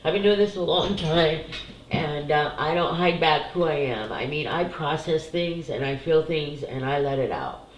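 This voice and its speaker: A middle-aged woman who works as a psychic doing card readings speaks to camera in a casual spiritual chat, candid and emotional about family and spiritual cards, sometimes tearful and swearing freely. Her voice is deep and at a normal pace. The poor-quality recording sounds roomy, with a faint hiss or hum.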